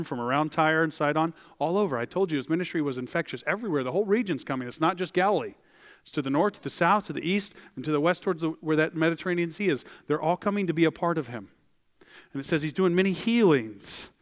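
A man preaching a sermon as a pastor, animated and acting out the voices of the people in the story. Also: fairly high pitch, big-room sound. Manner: animated, acts out voices of biblical figures. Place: church.

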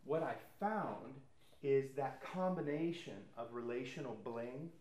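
A man's voice: mid-range voice, measured pace, darkish tone. Guy preaching, chatty storyteller, does little voices for people, roomy echo. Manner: conversational storytelling, acts out quoted people. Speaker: pastor. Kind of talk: sermon testimony. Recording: echoey room.

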